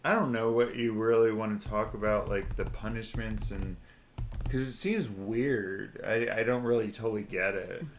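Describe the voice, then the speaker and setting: A man's voice: on the low side, steady tone, normal speed, slight background noise. A man co-hosting a casual podcast chat about scripture, meandering with lots of fillers and reading passages aloud. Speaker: podcast co-host.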